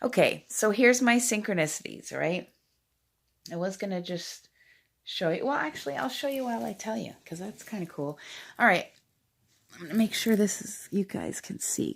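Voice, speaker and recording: A woman in her forties talking to her phone camera in a rambling, excitable way, swinging from loud outbursts to hushed asides. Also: mid-range voice, moderate pace, vocal fry. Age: 40s. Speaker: vlogger. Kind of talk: casual talking-head monologue.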